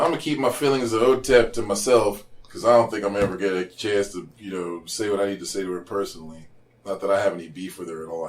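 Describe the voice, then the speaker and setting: A middle-aged man from Kansas chats as a musician guest on a podcast. He is laid-back and jokey and swears freely. His voice sits at an ordinary middle pitch. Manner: laid-back, profane, joking. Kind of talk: casual podcast chat.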